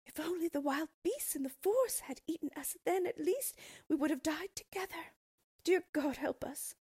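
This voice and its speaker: A woman's voice: very high voice, animated, normal speed, mellow, dry recording, studio quality, pitched above the performer's own voice. A woman doing a frightened pleading little girl. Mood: desperate.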